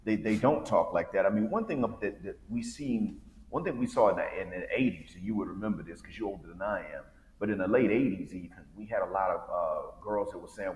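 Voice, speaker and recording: Very deep-voiced man in an echoey room. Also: darkish tone. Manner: measured, reflective, with fillers. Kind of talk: casual discussion. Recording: echoey room with long reverb.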